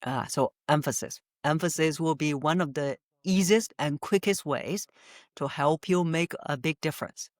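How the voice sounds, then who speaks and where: A woman's voice: deep voice, normal speed, no echo, studio quality. A woman voice coach answering podcast interview questions methodically, laying out her points by number with frequent "uh" fillers and easy laughter. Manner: laughs easily. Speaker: voice coach guest.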